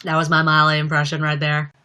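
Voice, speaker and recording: A woman's voice: low voice, monotone, fast talker, sharp tone, clear, resonant tone. A young woman chatting casually on a livestream from home, giggling a lot and rambling with plenty of "like". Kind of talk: casual live-stream chat.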